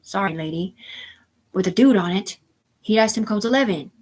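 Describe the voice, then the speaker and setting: A woman's voice: medium pitch, lively intonation, moderate pace, a little mellow, husky. A woman hosting a live stream, talking in a rambling, profane monologue that jumps from topic to topic. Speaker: livestream host.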